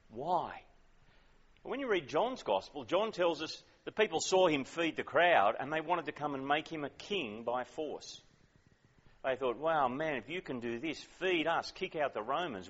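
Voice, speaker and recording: A man's voice: mid-range voice, a bit bright, big-room sound, highs cut off. A man preaching a sermon in a conversational, emphatic way, often asking questions.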